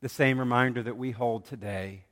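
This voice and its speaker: A man preaching a sermon from the pulpit in a measured, dramatic way, with pauses between phrases. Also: medium pitch, steady tone, fairly bright tone. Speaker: pastor. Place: church sanctuary. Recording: long hall reverb.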